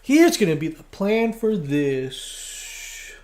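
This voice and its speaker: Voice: mid-range voice, very animated, a little mellow, slight background noise. Stammering animator chatting on a livestream. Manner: halting, stammering with many restarts. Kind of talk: casual livestream chat. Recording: roomy echo.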